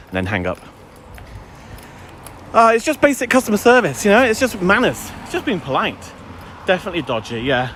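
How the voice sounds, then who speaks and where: His voice runs on the high side, sing-song, fast and a bit bright. He's a middle-aged English vlogger chatting on a live stream while walking his dog outdoors, ranting casually, telling stories with wry humor and doing impressions.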